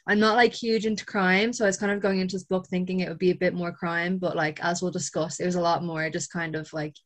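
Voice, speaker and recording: A woman with an Irish accent, a podcast guest chatting casually, laughing easily and saying like and you know often. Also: fairly low pitch. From Ireland. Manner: lively, laughs easily, many likes and you knows. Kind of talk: casual chat.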